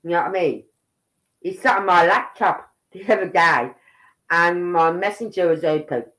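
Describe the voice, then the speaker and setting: A middle-aged Brummie woman from Birmingham, England hosts a casual livestream, her voice on the low side and fairly bright at a moderate pace. She chats and rambles, tagging points with "right?" and "you know what I mean". The recording is rough.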